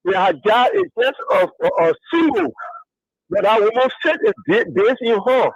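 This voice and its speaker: A man's voice: extremely high pitch, sing-song, normal speed, gravelly, slightly rough, dry recording. A man with a Liberian accent, a pastor calling in to a radio talk show, who talks hesitantly and fills gaps with uh. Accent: Liberian English. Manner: hesitant, full of fillers. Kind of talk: call-in radio opinion. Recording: tinny phone line.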